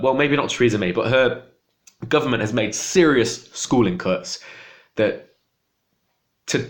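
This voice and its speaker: A young man venting in an impassioned political rant to camera, exasperated and agitated. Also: on the high side. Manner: agitated, exasperated, voice jumping up when upset. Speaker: vlogger.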